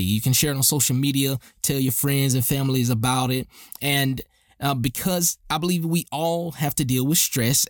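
A man's voice: medium pitch, dry recording. A man hosting a faith-centered self-help podcast, talking in an upbeat, encouraging way and repeating key lines for emphasis. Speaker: podcast host. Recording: dry close studio sound with faint music.

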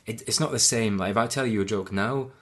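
Brief: young guy, lowish voice, rambling storyteller in a relaxed chat. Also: a little fast. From Scotland. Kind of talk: casual chat.

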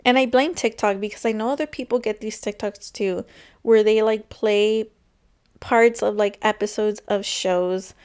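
A woman's voice: mid-range voice, fairly even intonation, a little slow, smooth. A young woman hosting her own podcast, chatting casually and rambling with lots of filler words. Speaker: podcast host. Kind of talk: casual solo podcast chat.

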